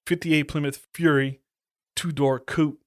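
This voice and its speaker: A man's voice: a little high, steady tone, unhurried, no room sound, studio quality. A man hosting a podcast, reviewing horror movies in casual, profane, slang-filled chat. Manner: profane, slangy, laid-back. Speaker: podcast host.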